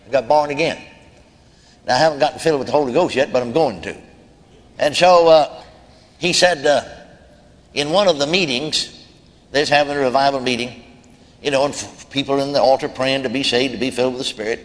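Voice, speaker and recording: A man's voice: mid-range voice, a little fast, long pauses, in a large hall. A man preaching a sermon, telling folksy stories with quoted voices and chuckles. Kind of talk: sermon storytelling.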